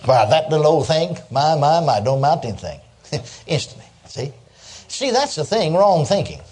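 A man's voice: on the high side, big pitch swings, normal speed, darkish tone. An older man preaching a sermon, telling stories in a folksy way and chuckling as he goes. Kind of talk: sermon with storytelling.

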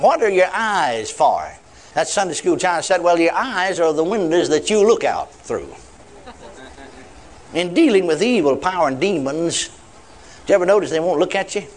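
A man's voice: a little high, sing-song, normal speed, slight background noise. A man preaching a sermon, retelling a conversation and acting out both sides. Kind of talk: sermon with retold dialogue.

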